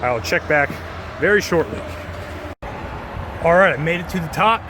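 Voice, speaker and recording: A man vlogging as he climbs a tall outdoor tower, out of breath, chatty and excited, recorded on a handheld phone. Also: fairly high pitch, normal speed, noisy background. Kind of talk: casual narration while climbing. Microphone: handheld phone camera.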